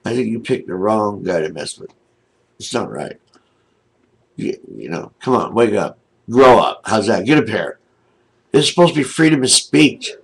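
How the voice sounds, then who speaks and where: An older man ranting angrily to his camera from home, indignant and aggrieved, with a husky voice. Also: on the low side, lively intonation, normal speed, poor audio. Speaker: video blogger. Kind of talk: angry webcam rant. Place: home, seated in a wheelchair.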